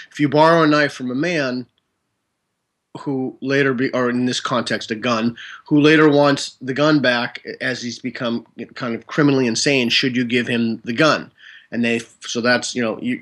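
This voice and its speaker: A man's voice: medium pitch, fairly bright tone. A man who is the guest in a conversational interview. He explains ideas through examples and interrupts his own train of thought.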